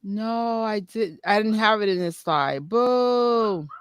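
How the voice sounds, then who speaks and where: A woman's voice: medium pitch, measured pace, a bit bright, clear, resonant tone, no echo. A woman on a video call from her apartment, talking casually and trailing off as she rambles. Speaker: guest. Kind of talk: casual chat. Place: apartment with background noise.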